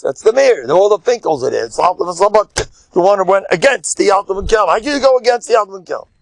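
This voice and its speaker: An older man, a rabbi giving an animated lecture, emphatic with sudden loud bursts and a chatty, storytelling way. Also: a little high, vocal fry, dry recording.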